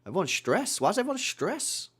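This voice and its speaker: Lively young man streaming live. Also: high voice, fairly quick, breathy edge. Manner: animated, teasing, often laughing at chat. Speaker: streamer hosting a football watchalong. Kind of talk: live watchalong commentary and chat reading.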